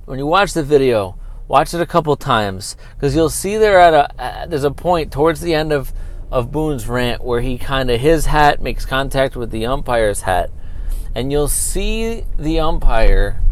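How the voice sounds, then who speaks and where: A man talking into his own podcast mic about sports, loose and unscripted. He rambles, circles back and piles on fillers as he riffs. His voice sits at an ordinary middle pitch for a man. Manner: animated, talky, with many fillers and asides. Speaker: podcast host. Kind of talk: casual solo sports podcast rant.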